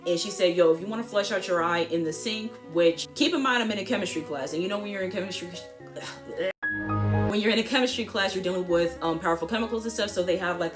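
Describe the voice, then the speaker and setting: A teenage girl vlogger telling a school story in an animated, slangy way, full of asides. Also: lowish voice. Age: teens. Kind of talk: storytime vlog.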